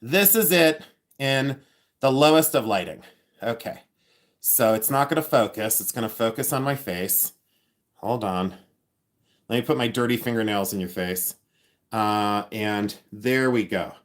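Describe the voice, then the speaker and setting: A man hosting a casual live stream, chatting excitedly, thanking viewers and thinking aloud with frequent restarts. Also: medium pitch, a little slow, pauses often. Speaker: livestream host and reseller.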